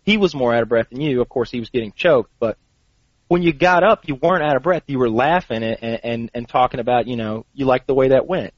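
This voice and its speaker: A man's voice: medium pitch, fairly quick, no echo, muffled recording. Encouraging man rambling on. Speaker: fitness mentor. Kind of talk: earnest group conversation.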